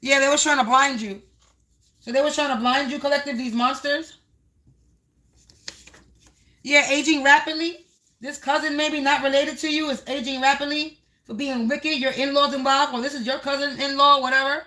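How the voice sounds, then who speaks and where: A woman's voice: high-pitched, steady tone, normal speed, bright, forceful tone. A woman giving a livestream tarot reading, speaking in repetitive, half-rhyming phrases and addressing viewers as the collective. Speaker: tarot card reader.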